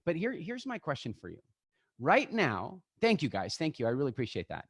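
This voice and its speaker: Man, guest speaker, animated and playful, talks straight to the crowd, dry close sound, video call. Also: on the high side, fairly quick, slightly rough, no room sound. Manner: animated, acts out scenes, addresses the audience directly. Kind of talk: live online talk to an audience.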